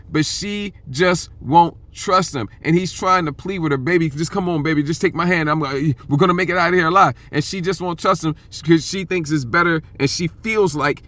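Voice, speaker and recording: With a slightly high, fairly bright voice, a man preaches a sermon and teaches scripture emphatically yet conversationally. He keeps checking in with "okay?" and lapses into blunt street slang and occasional profanity.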